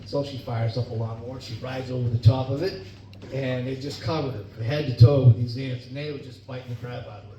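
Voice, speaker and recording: A man's voice: medium pitch, steady tone, fast, dark tone. A middle-aged man performing a stand-up comedy set on stage, telling folksy stories and laughing at his own jokes. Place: club or bar stage. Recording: echoey room, distant mic, dull, noisy.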